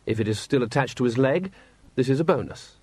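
A man reading a story aloud in a wry, steady narrating voice, acting out the characters. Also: medium pitch, a little fast, husky, no echo. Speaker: audiobook narrator. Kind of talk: scripted narration.

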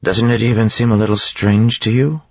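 A man with a husky voice voicing Vin, a sharp, impatient young woman, in an audiobook reading. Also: on the low side, fairly even intonation, moderate pace, no echo, lo-fi sound, voice pushed up. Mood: uneasy, pressing. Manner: pressing questions, impatient.

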